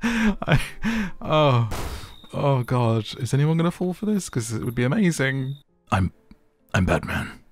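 A man's voice: mid-range voice, sing-song, a little slow, no echo, soft background music. A young man chats through a video game in a loose, joking way, tripping over his words as he goes. His voice sits in an ordinary middle range. It feels like unscripted gaming commentary. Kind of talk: casual let's-play commentary.

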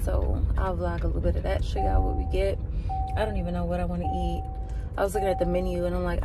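A woman's voice: fairly low pitch, level tone, brisk, reverberant, over loud music. A woman vlogging in a casual, chatty way, talking straight to her viewers and laughing often. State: out of breath. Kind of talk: casual vlog chat. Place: inside a car.

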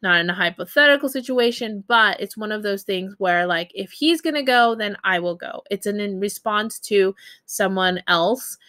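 A woman's voice: medium pitch, lively intonation, normal speed, hardly any pauses, bright, forceful tone, no echo. Woman teaching grammar, chatty, lots of ums, corrects herself, dry recording. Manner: explanatory, casual, with frequent fillers and self-corrections. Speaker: Japanese language teacher.

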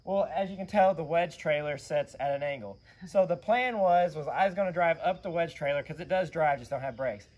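Hoarse male vlog host, slightly high, animated rambling delivery. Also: fairly quick, hardly any pauses. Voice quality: raspy. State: hoarse from yelling. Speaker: channel host, custom car builder. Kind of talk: casual vlog storytelling.

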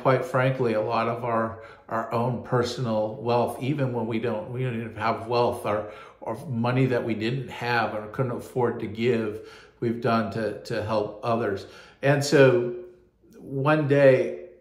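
Slow earnest pastor, man, roomy sound. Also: mid-range voice. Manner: earnest, halting, repeats words. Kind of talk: personal testimony.

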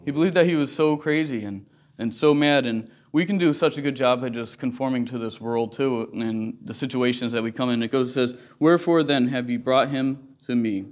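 Guy teaching sunday school at church, earnest and chatty, says you know a lot, mid-pitched voice. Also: a little fast. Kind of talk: casual Bible teaching. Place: church classroom.

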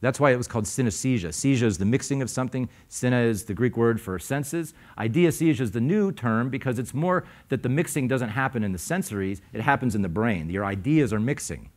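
A man's voice: medium pitch, expressive, brisk, few pauses. A man speaking to a live audience at a conference, conversational and quizzing the crowd, with frequent uh fillers. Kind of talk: conference talk with audience questions. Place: lecture room before a live audience.

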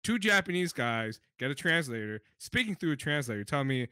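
A man co-hosting a podcast, talking in an animated, excited way, swearing often and dropping into deep mock voices when quoting others. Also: a little fast, few pauses, no echo. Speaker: podcast co-host. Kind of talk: excited casual chat.

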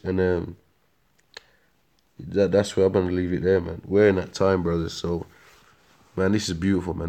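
A man's voice: low-pitched, dark tone. A man with a British accent, preaching casually and rambling, dropping slang like "man" and "mate" and stumbling when he reads aloud. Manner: rambling, stumbles over words while reading aloud. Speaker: street preacher.

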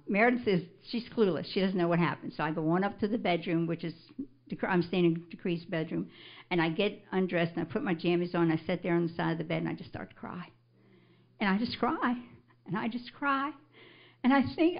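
At a church service, a grandmother stands before the congregation as a church member to recount her testimony, her voice on the low side and fairly quick. The telling is animated, rising into emphatic scripture declarations, and the recording sounds muffled and lo-fi.

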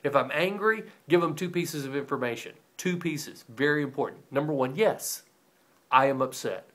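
A middle-aged man giving a devotional teaching as a pastor, telling stories in a lively way and acting out the voices of the people in them. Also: fairly high pitch, moderate pace. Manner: animated storytelling, acting out quoted voices.

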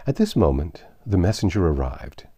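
A man narrating an audiobook reading of a classic tale in a lively, expressive storytelling manner. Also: low-pitched, moderate pace, breathy edge.

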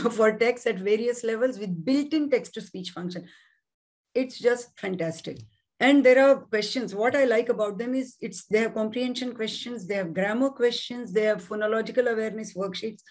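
A woman's voice: a little high, moderate pace. A woman with a Singaporean English accent, a specialist teacher giving a webinar talk in a chatty way, with many fillers and restarts. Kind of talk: webinar presentation.

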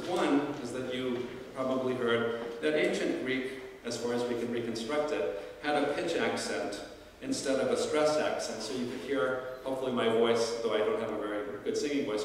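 A man's voice: mid-range voice, a little hiss or hum. A man, a classics professor, lecturing to alumni in a thoughtful, searching way, with frequent fillers and restarts. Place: lecture hall. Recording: roomy hall, distant mic.

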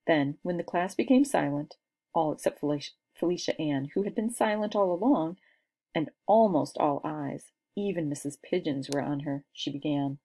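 A woman reading a children's book aloud with expressive storytelling. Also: sits low, moderate pace. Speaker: narrator.

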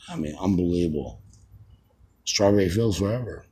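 A man in his fifties rambling as a self-styled radio host, halting with many fillers and restarts. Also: low-pitched, lively intonation, warm tone, slightly rough. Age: 50s. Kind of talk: rambling mock radio broadcast.

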